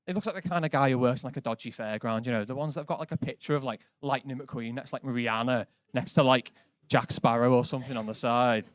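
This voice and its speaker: A man's voice: medium pitch, quick pace, no room sound. A man doing a stand-up set on a comedy club stage, dry and conversational, full of casual asides. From Britain. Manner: dry, conversational, lots of likes.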